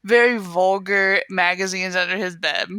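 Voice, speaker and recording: A young woman co-hosting a podcast, casually recapping a TV episode with giggles and quick quoted voices. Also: mid-range voice, steady tone, pushed and bright, clear, resonant tone, no echo. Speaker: podcast co-host. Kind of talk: casual chat about a TV show.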